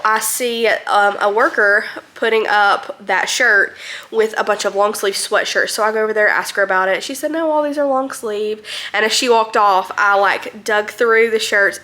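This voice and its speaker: Woman vlogger, bright tone, rambling and friendly filler-heavy delivery. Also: mid-range voice. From North Alabama, US. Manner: chatty, many ums and likes. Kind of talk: casual rambling recap.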